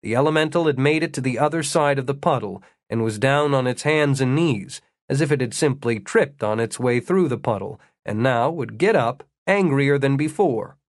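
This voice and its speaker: List: male audiobook narrator, measured, dry wit, mid-pitched voice, dry close-miked sound. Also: dry recording. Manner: measured storytelling with dry humor.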